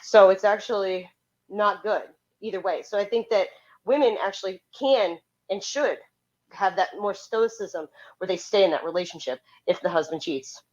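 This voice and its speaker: A woman's voice: mid-range voice, normal speed, darkish tone, lo-fi sound. A woman co-hosting a podcast, rambling and stammering as she argues and asks questions. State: cold. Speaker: podcast co-host. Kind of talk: casual debate chat.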